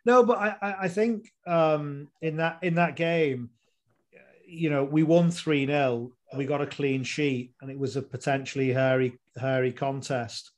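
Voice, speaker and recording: A man hosts a relaxed football chat, his voice sitting a little higher than most. He rambles on, piling up fillers and restarting his sentences as he goes. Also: unhurried. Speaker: podcast host.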